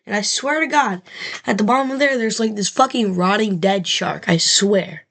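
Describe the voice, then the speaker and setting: A woman's voice: medium pitch, normal speed, gravelly, a bit bright. A young woman vlogger telling a rambling, profane story straight to her camera, full of fillers.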